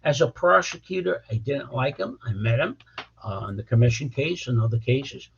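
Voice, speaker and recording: An older man, a criminal defense lawyer, speaks in a medium-pitched, animated, creaky voice at a moderate pace while bluntly telling stories in an interview. He often repeats words starting a sentence, and the audio is dull and lo-fi.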